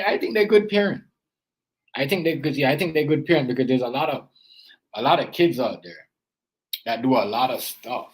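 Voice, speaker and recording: A man's voice: medium pitch, rough recording. A man and father giving casual reaction commentary, rambling and earnest, filling his talk with "you know" and "as I said". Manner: earnest, lecturing tone about parenting. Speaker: parent and reaction vlogger.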